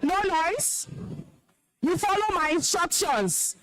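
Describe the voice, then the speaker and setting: Nigerian woman speaker, high-pitched and emphatic, stern alumna lecturing students on discipline. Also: sing-song, measured pace, poor audio. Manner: scolding, commanding, emphatic. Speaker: alumna guest speaker, compere. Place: school hall, live event.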